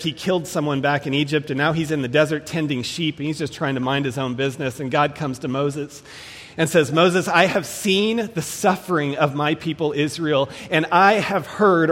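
Man preaching a sermon in a reverberant hall. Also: medium pitch. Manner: measured, emphatic, slows on key phrases.

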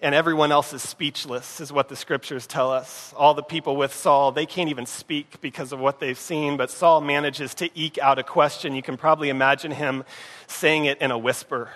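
A male pastor delivers a conversational sermon, his slightly high voice carrying a long hall reverb. He often sinks to a hushed tone and checks in with his listeners. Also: steady tone, normal speed.

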